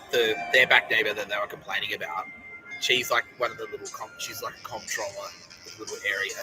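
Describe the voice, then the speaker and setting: A man's voice: lowish voice, low-quality recording. A man with an Australian accent hosting a podcast in a rambling, profane, heated monologue. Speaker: podcast host. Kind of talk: casual monologue.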